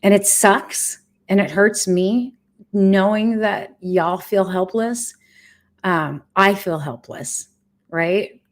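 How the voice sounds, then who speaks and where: A woman's voice: medium pitch, slow. A middle-aged woman giving a candid personal update in a vlog from home, frank and emotional, with casual swearing. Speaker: vlogger sharing a cancer journey.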